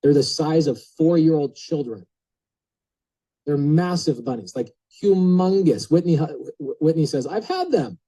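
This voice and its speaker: Husky-voiced man telling a lively story. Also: fairly high pitch, unhurried, no echo, rough recording. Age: adult. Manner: lively, acts out quoted voices, casual filler words. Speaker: speaker telling a real estate story to a group. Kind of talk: animated storytelling talk.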